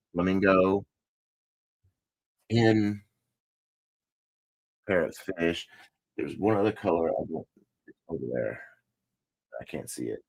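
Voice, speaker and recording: Gravelly low-voiced man chatting casually. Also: a little mellow, dry recording, rough recording. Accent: Texan. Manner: rambling, self-correcting, chatty. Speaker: crochet channel host. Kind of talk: casual chat to viewers.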